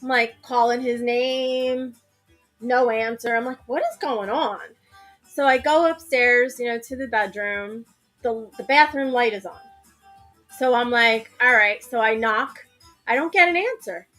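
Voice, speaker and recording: A woman co-hosting a casual chat, telling an animated story and laughing often. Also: a little high, a little slow, soft background music. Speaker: co-host.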